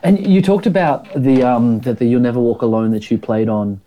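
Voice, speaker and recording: A man's voice: medium pitch, a little fast, muffled recording. A man hosting an interview, curious and asking follow-up questions, hesitant with many fillers. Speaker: interviewer host. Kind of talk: casual interview.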